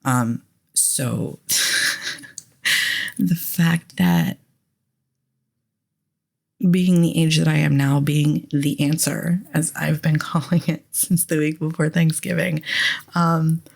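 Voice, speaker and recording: Woman, raspy husky voice, heavy vocal fry, hoarse and phlegmy, candid rambling podcast chat. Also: low-pitched, takes it slowly, long pauses. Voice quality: raspy, phlegmy voice with a lingering cough. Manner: candid and rambling, with frequent ums, restarts and swearing. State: hoarse throat. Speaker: podcast host. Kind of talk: casual solo podcast talk.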